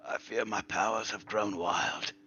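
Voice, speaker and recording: A man's voice: on the low side, fairly even intonation, a little slow, bright, forceful tone, breathy edge, muffled recording, pitched above the performer's own voice, exaggerated voice. A man voicing a frail, senile old male wizard who rambles, trails off and sometimes whispers. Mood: earnest, apologetic.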